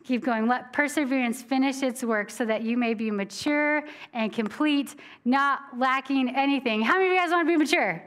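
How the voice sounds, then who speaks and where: A woman preacher with a high, bright voice gives a sermon in church in a loose, conversational style. She is animated and laughs easily, slowing down when she reads scripture.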